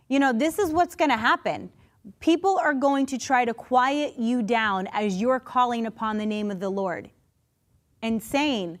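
A woman preaching a sermon, her voice sitting a bit high. She talks in an unhurried, conversational way, with restarts, asides and little acted-out voices. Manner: conversational, animated, acts out quoted voices. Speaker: pastor.

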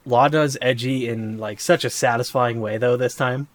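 A man co-hosting a podcast, talking casually in a halting way with many fillers and restarts. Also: medium pitch, steady tone. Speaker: podcast co-host. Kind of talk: casual chat.

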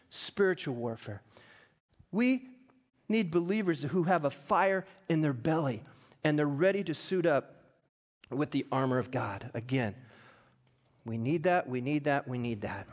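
A middle-aged male pastor preaching a sermon, reading scripture and telling stories that build into loud, impassioned peaks. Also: a little high, animated, measured pace.

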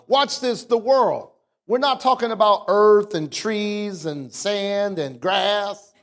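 A man's voice: faint music behind, some chatter behind. A male pastor preaching a sermon, calling out to the congregation and stretching out words for emphasis. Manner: preaching with call-outs to the congregation; swings from low explaining talk to raised, drawn-out emphasis.

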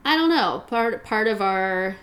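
Casting: woman host, mid-pitched, earnest and reflective, casual conversational delivery. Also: animated, a little slow, fairly bright tone. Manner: earnest, reflective, thinks aloud. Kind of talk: casual chat.

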